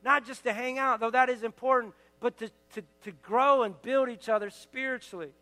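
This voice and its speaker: Pastor, male, very high and bright, earnest exhorting sermon delivery, long hall reverb from the church sanctuary. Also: fairly even intonation, a little fast. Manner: earnest, exhorting, building to emphatic declarations.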